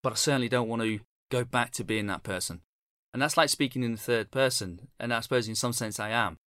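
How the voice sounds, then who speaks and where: A man's voice: medium pitch, fast talker, a bit bright, clean tone, no room sound, studio quality. Blunt, reflective man in his fifties. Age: 50s. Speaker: chef guest. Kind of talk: podcast interview.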